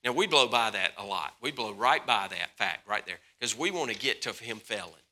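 Animated bright-voiced male pastor preaching. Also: lowish voice, normal speed. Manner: animated storytelling, swinging from loud to hushed; repeats words and restarts often. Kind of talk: sermon.

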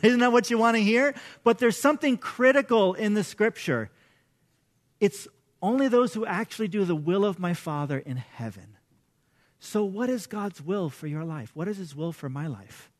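A man's voice: high-pitched, lively intonation, normal speed. A middle-aged man, a pastor, preaching a conversational sermon with casual storytelling and self-deprecating humor.

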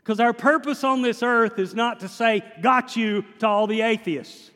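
A male pastor, preaching a sermon with humor and animated storytelling and putting questions to his congregation. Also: very high voice, normal speed. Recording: long hall reverb.

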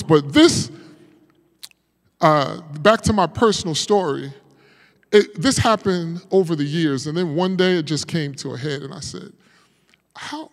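A man preaching as a pastor, telling a personal story with feeling and moving from hushed passages to loud, fervent ones. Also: a little high, in a large hall. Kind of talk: sermon.

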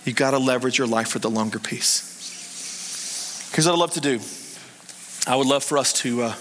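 A man preaching a sermon, telling a story in an animated way that swings between hushed and excited. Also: mid-range voice, moderate pace, slight background noise. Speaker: pastor. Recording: reverberant hall.

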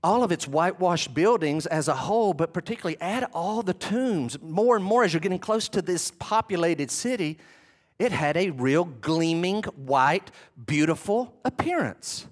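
A man's voice: high-pitched, expressive, moderate pace. Emphatic, conversational male pastor preaching. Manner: conversational, emphatic preaching with sudden bursts and asides. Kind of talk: sermon.

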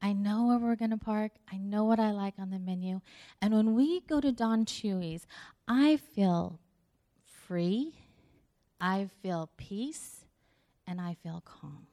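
A woman's voice: mid-range voice, slow pace, mellow. A middle-aged woman giving a conversational sermon, telling a story with acted-out dialogue and laughter. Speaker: speaker.

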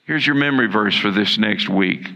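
A man preaching a sermon as pastor, earnest and repeating key lines for emphasis, with a gravelly voice. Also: lowish voice, normal speed, pushed and bright.

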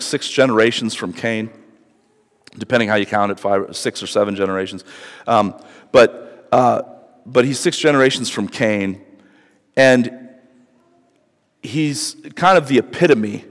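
A pastor giving a conversational sermon that builds to emphatic, rising passages. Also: male voice, mid-range voice, long reverb tail.

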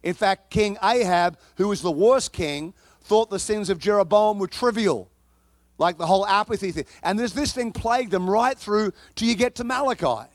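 This preacher is a man with a strikingly high voice, giving a lively, chatty sermon sprinkled with playful asides. He speaks at a normal speed, and the sound is close and dry without any room echo.

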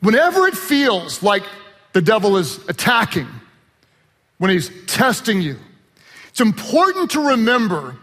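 A man with a notably high voice delivers a sermon, swinging from shouted emphasis to light joking asides. His words ring out with a long reverb, as if filling a large church sanctuary. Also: huge pitch swings, a little slow. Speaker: pastor.

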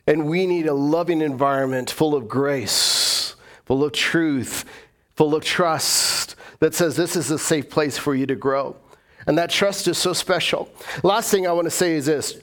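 A man's voice: a little high, a bit bright. A middle-aged man preaching a conversational sermon as pastor, joking and acting out his inner voices. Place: church.

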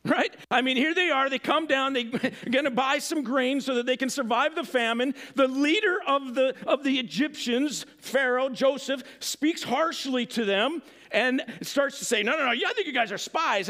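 A man's voice: very high voice, moderate pace, few pauses, bright, forceful tone. A man preaching a sermon, reading scripture and then explaining it with emphatic rhetorical questions. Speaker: pastor.

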